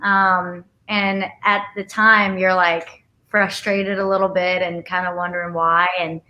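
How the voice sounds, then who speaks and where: Soft-spoken young woman singer, bright tone. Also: medium pitch. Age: 20s. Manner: soft-spoken, rambling with many fillers. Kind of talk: casual live-stream chat.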